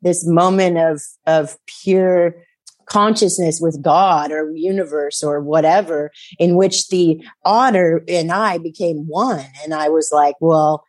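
Chatty, rambling woman with a low voice. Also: slow. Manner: rambling, animated storytelling with many fillers and laughs. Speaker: psychic guest. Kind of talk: casual chat.

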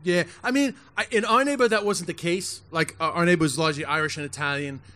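A comedian telling stories live to a crowd on a rooftop, animated and joking. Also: male voice, on the high side, fast. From United States. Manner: animated, joking, acts out quotes. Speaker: comedian guest. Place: outdoor rooftop bar before a crowd.

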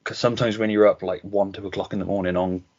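A man's voice: low-pitched, level tone, fast, a little mellow, highs cut off. A man co-hosting a podcast over a video call, chatting candidly, swearing and laughing through his stories. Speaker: podcast co-host.

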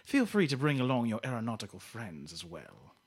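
A man putting on a suave, menacing old-film villain with a lowered, drawn-out, formal delivery. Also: monotone, bright, forceful tone, husky, heavily acted. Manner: formal, gloating villain speech.

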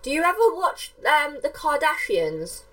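A woman guest on a casual podcast, speaking high in her range with animated exasperation. Her delivery is lively and quick to react. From England. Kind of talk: casual chat.

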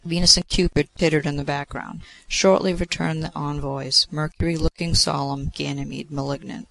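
A man narrating a classic story in a measured, theatrical reading. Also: on the high side, flat delivery, vocal fry, a bit bright, rough recording. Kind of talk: audiobook narration of classic fiction.

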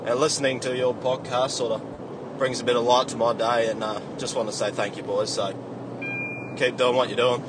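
This caller is also in his car on the way to work, leaving a voice message in which he rants through a story and swears nonstop. He speaks at normal speed in a medium-pitched, level voice over a noisy background.

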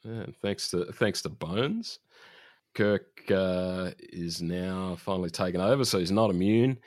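A man's voice: low-pitched, measured pace, a little mellow, no room sound. A man co-hosting a podcast, recapping an episode in a laid-back way with dry jokes. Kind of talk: casual chat.

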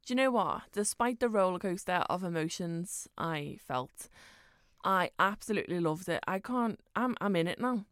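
A woman's voice: lowish voice, lively intonation, normal speed, fairly bright tone, no echo, studio quality. Upbeat woman podcast co-host. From Liverpool, England. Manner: upbeat and playful. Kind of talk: casual chat.

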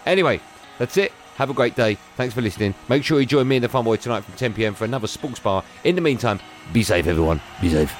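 A man hosting a sports radio show, teasing and self-mocking in lively banter. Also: mid-range voice, quick pace.

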